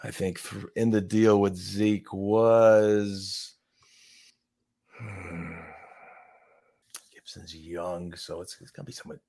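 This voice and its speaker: A man in a casual podcast chat, playing along in a quiz with a relaxed, joking manner. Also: sits low, slow pace, creaky, long pauses. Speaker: panelist.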